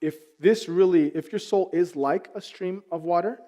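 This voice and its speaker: High-voiced pastor, animated and self-joking. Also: male voice, normal speed. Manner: animated storytelling with self-deprecating humor. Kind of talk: sermon.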